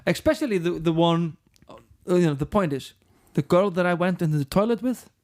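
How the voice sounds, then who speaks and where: High-pitched, brisk and expressive, with a darkish tone, he is a middle-aged rock band frontman from Iceland, Icelandic being his first language. Interviewed, he recounts his story bluntly and profanely while performing the lines he quotes.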